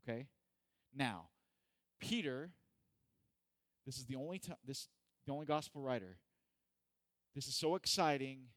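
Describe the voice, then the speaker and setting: A man's voice: medium pitch, unhurried, pauses often, no echo. A man preaching a casual, joking sermon who acts out the people in the story. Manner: animated, joking, acts out voices. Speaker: pastor. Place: church hall.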